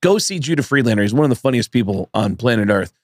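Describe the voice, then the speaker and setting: A man co-hosting a comedy podcast, spinning stories with quick, animated bursts. His pitch sits in the middle for a man. The studio sound is dry and close. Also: no room sound. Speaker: podcast co-host. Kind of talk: casual comedic chat.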